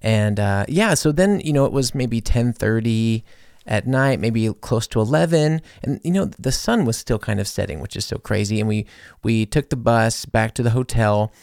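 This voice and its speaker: A young man hosting a podcast, telling a travel story in a chatty, animated way with lots of fillers and acted-out quotes. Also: mid-range voice, moderate pace, gravelly, smooth, dry recording, studio quality. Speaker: podcast host. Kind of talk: casual storytelling monologue.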